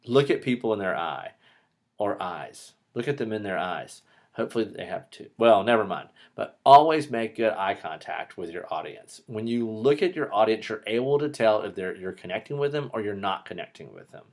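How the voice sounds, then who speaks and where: Quick, joking male speech instructor. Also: on the low side, vocal fry. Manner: talks a little fast; lively, joking asides. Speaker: public speaking instructor. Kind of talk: recorded online lecture.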